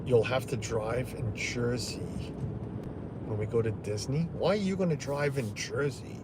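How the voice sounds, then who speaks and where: A man's voice: medium pitch, a little slow, background noise. A middle-aged man hosting a live stream from inside his truck, rambling casually and greeting viewers by name.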